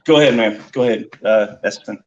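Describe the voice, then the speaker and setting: A man's voice: on the low side, fast talker, dull audio, slight background noise. A man talking as a guest on a sports podcast, wry and amused, hesitating with lots of fillers. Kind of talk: casual sports podcast chat.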